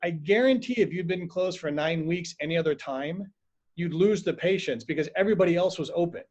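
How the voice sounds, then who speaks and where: A man chatting casually on a video call, telling stories with animated acted-out quotes. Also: a little high, fairly quick. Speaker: acupuncturist and host. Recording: dull lo-fi video call audio.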